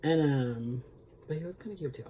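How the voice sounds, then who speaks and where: A man's voice: fairly high pitch, normal speed, dark tone, slight background noise. A man recapping a TV episode in a chatty, sassy way, with lots of filler words and free swearing. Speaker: beauty vlogger.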